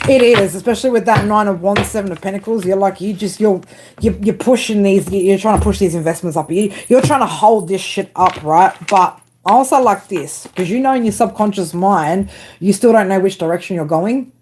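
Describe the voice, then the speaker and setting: A blunt woman reads tarot on a home live stream and swears freely as she talks to her viewers. Her voice sits at an ordinary middle pitch. Steady background noise runs under the whole recording. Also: a little fast. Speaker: tarot reader. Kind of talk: live tarot reading and chat.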